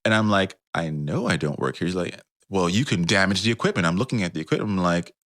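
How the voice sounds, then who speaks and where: Deep-voiced man telling a story. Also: fast, dry recording. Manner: animated, acts out quoted voices. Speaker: podcast guest. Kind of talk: casual storytelling. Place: Netherlands.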